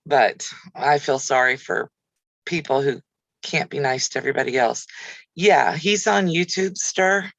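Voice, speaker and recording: A woman's voice: rumbling low, a little slow, gravelly, a bit bright, no echo, poor audio. A woman hosting a casual livestream chat, talking easily and answering viewer comments by name. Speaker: craft channel host.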